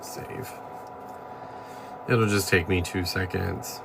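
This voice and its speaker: A man's voice: sits low, steady tone, slow pace, gravelly, background noise. A man hosting a casual livestream chat, thanking viewers by name and ranting bluntly with plenty of profanity. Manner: reads out and thanks viewers one by one. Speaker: livestream host.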